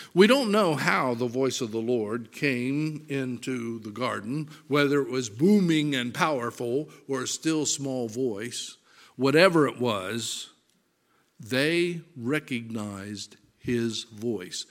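A man preaching a sermon, reading scripture aloud with deliberate emphasis, swelling loud on verses and dropping soft and low. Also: lively intonation. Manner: slow, deliberate delivery, rising loud on verses and dropping to near-whisper.

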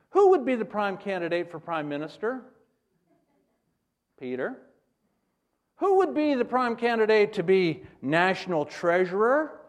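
A man preaching a sermon in an animated way, acting out scenes as he teaches. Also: high voice. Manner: animated, acts out scenes in character voices.

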